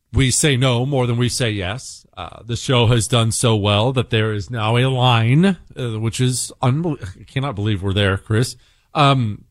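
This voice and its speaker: A man's voice: medium pitch, dry recording, studio quality. A middle-aged man hosting a radio talk show, chatting casually and teasing as he tells stories and reads ads. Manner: sarcastic, playful, teasing storytelling. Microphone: studio microphone.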